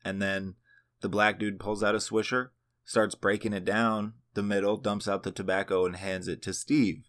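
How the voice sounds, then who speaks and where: A young man hosting his own show, telling a personal story in a relaxed, profane ramble. His voice sits a little low, and he slips into quoted voices of other people as he goes. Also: moderate pace. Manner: laid-back, profane, acts out quoted voices. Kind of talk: casual storytelling monologue.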